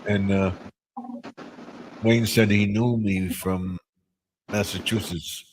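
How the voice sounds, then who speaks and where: Older man, low-pitched, rambling casual chat, live stream host, faint background hiss. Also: steady tone, takes it slowly, rough recording. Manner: rambling, with many restarts and fillers.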